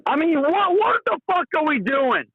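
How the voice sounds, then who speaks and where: A male caller rants in fury over a tinny phone line, swearing through every sentence. His voice sits very high for a man. The line is thin and dry. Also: sing-song, moderate pace, no room sound. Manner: furious, profane ranting. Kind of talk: call-in sports talk.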